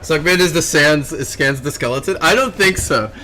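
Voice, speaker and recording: A young man chatting casually on a stream, excitable and quick to laugh and slip into silly voices. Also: on the high side, a little hiss or hum. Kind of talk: casual stream chat while drawing.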